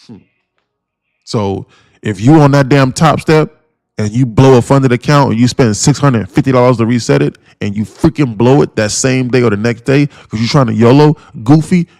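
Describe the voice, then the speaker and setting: A man's voice: medium pitch, gravelly, darkish tone, no echo. A man who hosts a day-trading live stream, ranting bluntly and repetitively at his viewers, swearing freely and calling them guys and bro. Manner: blunt, profane, repetitive and pushy.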